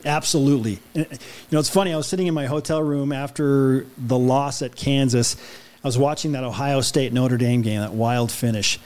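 A man's voice: medium pitch, steady tone, fairly quick, a little mellow. A man talking enthusiastically and laughing often in a casual sports chat on a podcast. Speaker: sports broadcaster guest.

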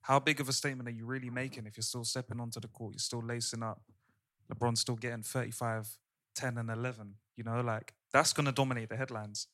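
A man's voice: mid-range voice, flat delivery, quick pace, fairly bright tone. A man co-hosting a podcast, making emphatic points in casual group discussion. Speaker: podcast co-host.

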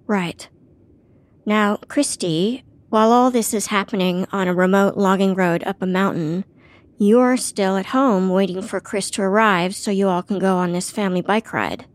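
A woman hosting a podcast, asking calm, measured questions and reading the closing credits. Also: medium pitch. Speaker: podcast host. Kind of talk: interview hosting and scripted outro.

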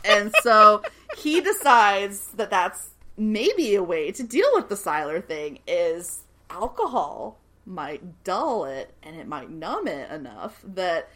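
A young woman casually recapping a TV episode, animated and swearing freely as she acts out the characters' lines. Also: mid-range voice, slow. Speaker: podcast co-host recapping a TV show. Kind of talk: casual chat.

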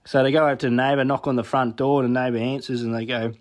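A man's voice: mid-range voice, level tone, racing, few pauses. A man telling a rambling anecdote to podcast hosts, linking every step with "anyway". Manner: rambling, chains sentences with "anyway". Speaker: listener telling a story. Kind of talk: told anecdote.

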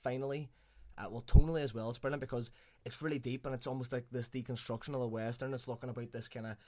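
A man's voice: medium pitch, fairly even intonation, fast, dark tone. A man chatting casually on a podcast, enthusiastic and swearing now and then. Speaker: podcast co-host reviewing films. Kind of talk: casual chat.

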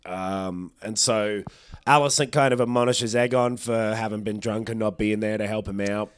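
A man's voice: lowish voice, fairly even intonation, moderate pace, smooth, no room sound. A man co-hosting a podcast, chatting casually, swearing freely and acting out what people say. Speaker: podcast co-host. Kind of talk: casual chat.

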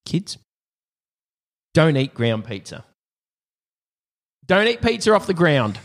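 A man's voice: fairly high pitch, very animated, takes it slowly, gravelly. A man hosting a podcast in casual chat, playful and jokey. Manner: playful, jokey, mock-stern with kids. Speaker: podcast host.

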